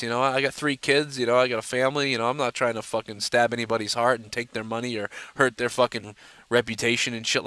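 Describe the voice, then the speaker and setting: A man hosts a live stream, rambling and cursing freely with constant fillers. His voice is bright and forceful, smooth and clear. The sound is dry and close to the mic. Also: mid-range voice, no room sound. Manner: profane, rambling, lots of "you know". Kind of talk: casual live-stream rant.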